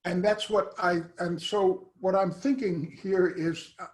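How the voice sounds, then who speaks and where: Man, professor, academic Q&A, hesitant, halting, lots of uh, slightly high voice. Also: fairly even intonation. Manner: hesitant, halting, many "uh" and restarts. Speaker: professor asking a question. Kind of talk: academic Q&A question.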